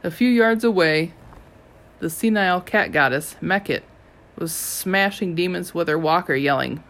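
Slow, steady audiobook narrator. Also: mid-range voice, slight background noise.

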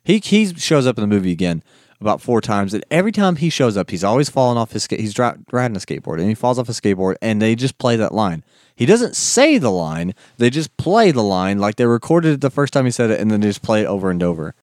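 A young man casually recapping a movie with a friend, telling it in an animated, jokey way. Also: on the low side, fast talker, no echo, clean studio sound.

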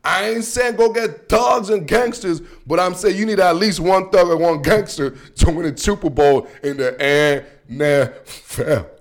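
A man with a notably high voice rants about his team as the host of his own show. His delivery is loose and full of slang, emphatic, and now and then he breaks into shouting. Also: measured pace. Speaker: sports commentary host. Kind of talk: casual sports rant.

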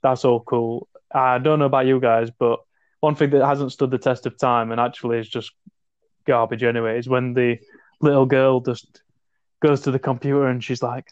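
A man's voice: mid-range voice, level tone, moderate pace, darkish tone, clean tone, no echo. A man co-hosting a casual film chat, talking animatedly and arguing his points emphatically. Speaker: podcast co-host. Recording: dull lo-fi dry sound.

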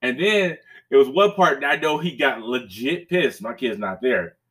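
A man's voice: mid-range voice, animated, normal speed, a bit bright. A man hosting a podcast, telling a story in casual chat, profane and rambling, with restarts and bursts of laughter. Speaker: podcast host.

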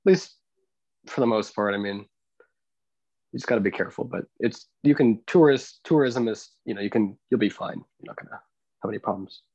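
A man's voice: fairly low pitch, darkish tone, breathy edge, no echo, highs cut off. A young man co-hosting a casual podcast, explaining things hesitantly and restarting his sentences often. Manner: hesitant, many restarts and fillers, explaining slowly. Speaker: podcast co-host.

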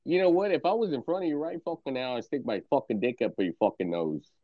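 A man's voice: medium pitch, quick pace, no room sound. Man taunting hard over muffled chat. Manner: aggressive, profane, repetitive taunting. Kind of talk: voice chat insult exchange.

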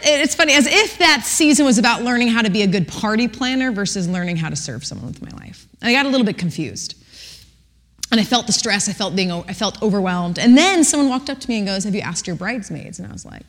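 A woman in her thirties telling a personal story to a church audience, animated, acting out the people she quotes. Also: mid-range voice. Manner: animated, acts out quotes with voices. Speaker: speaker giving a testimony. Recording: long reverb in a large hall.

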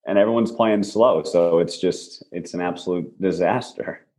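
A man's voice: low-pitched, moderate pace, darkish tone. A man co-hosting a casual podcast, talking bluntly and laid-back with casual swearing. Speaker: podcast co-host. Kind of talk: casual chat.

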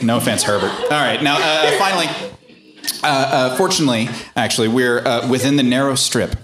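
A man's voice: medium pitch, fairly quick, over a noisy crowd. Chuckling man hosting a comedy radio show. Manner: loose, chuckling, filler-heavy. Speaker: host.

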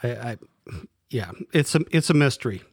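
A man's voice: medium pitch, lively intonation, moderate pace, dry recording, clean studio sound. A man co-hosting a casual sports podcast, hesitant, often restarting his sentences while he reviews picks. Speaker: podcast co-host.

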